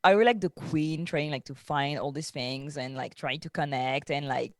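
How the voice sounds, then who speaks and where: A woman's voice: deep voice, normal speed, dry recording, studio quality. A young French woman with a French accent, co-hosting a casual podcast review, tired and scatterbrained, full of fillers and restarts. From France. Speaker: podcast co-host.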